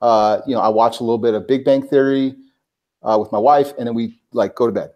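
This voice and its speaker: Man telling an animated story. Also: mid-range voice, fairly quick, lo-fi sound. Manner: animated, heavy on filler "like", acts out quotes. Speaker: guest, personal branding expert. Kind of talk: casual storytelling anecdote.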